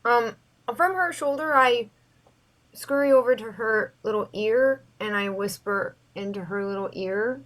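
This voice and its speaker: High-voiced woman player. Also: a little slow, fairly bright tone. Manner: chatty, searching for words. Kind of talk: casual tabletop play.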